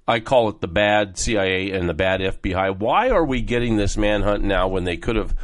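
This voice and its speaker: A middle-aged man hosting a talk show, delivering a rambling, heated political monologue that jumps from topic to topic. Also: fairly low pitch.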